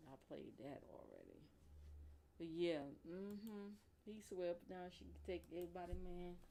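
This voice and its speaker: A woman hosts her live stream in a relaxed, rambling chat aimed right at her viewers. Her voice sits on the low side. A faint background hiss runs under the talk. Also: normal speed, gravelly. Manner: chatty, rambling, talks straight to her chat.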